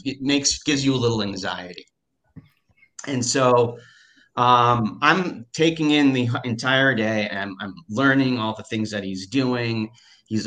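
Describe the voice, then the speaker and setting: A man in a casual interview, telling a personal story in an animated way, with many fillers, restarts and repeated words. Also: on the low side.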